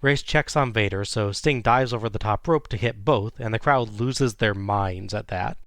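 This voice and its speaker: Guy with a lowish voice doing a casual wrestling recap, dry close sound. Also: normal speed, fairly bright tone, no room sound. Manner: play-by-play recap with chuckles. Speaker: podcast host recapping wrestling.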